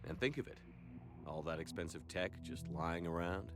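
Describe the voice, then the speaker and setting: An actor playing a calm, firm male military commander in a video game. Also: low-pitched, moderate pace, music in the background. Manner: steady, firm.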